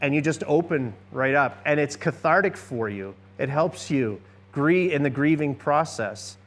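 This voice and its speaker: A man's voice: a little high, expressive, a little slow. A man presenting a church seminar on listening, earnestly addressing a live audience and often checking in with "okay?".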